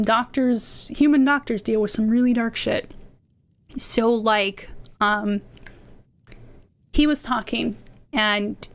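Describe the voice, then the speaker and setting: Woman streamer, slightly higher voice; casual rambling chat, passionate with an indignant edge. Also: clear, resonant tone. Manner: passionate, can sound indignant; rambling, many fillers. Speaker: VTuber streamer.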